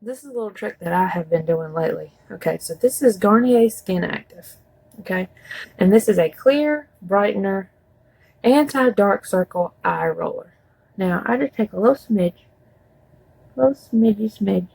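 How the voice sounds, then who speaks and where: A woman's voice: medium pitch, expressive, moderate pace, vocal fry, a little mellow, husky, dry recording, low-quality recording. A woman chatting casually through a makeup tutorial, rambling with folksy asides. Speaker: beauty vlogger.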